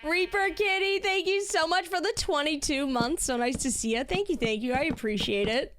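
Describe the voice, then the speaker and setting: A woman's voice: high voice, moderate pace, fairly bright tone, slight background noise. A woman streaming and chatting casually while she builds in a game, laughing often.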